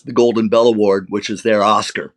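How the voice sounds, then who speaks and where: A man's voice: lowish voice, steady tone, fairly quick. An older male actor being interviewed, telling emotional anecdotes and acting out quoted lines. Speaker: actor guest. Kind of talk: conversational interview storytelling.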